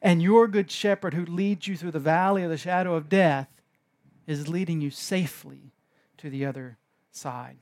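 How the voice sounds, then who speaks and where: A man preaching a sermon in an animated way, moving between hushed and emphatic delivery. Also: a little high. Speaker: pastor.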